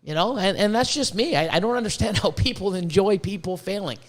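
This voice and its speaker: Man, high-pitched, podcast host from Canada, excitable, swears a lot, stammers over words. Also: fairly quick. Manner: excitable, swears freely, repeats words when worked up. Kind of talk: casual podcast chat.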